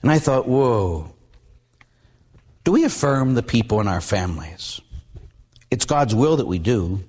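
At a moderate pace and with a breathy edge, a middle-aged Catholic priest preaches, weaving stories into plain talk. Animated throughout, he acts out quotes with sudden big jumps in pitch.

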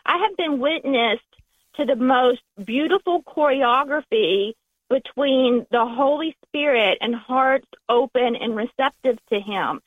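A woman with a Southern US accent calling in to a radio show, talking in a warm, gushing way and restarting her phrases. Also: high-pitched, measured pace, no echo. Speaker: caller. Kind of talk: call-in phone conversation. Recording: tinny phone line.

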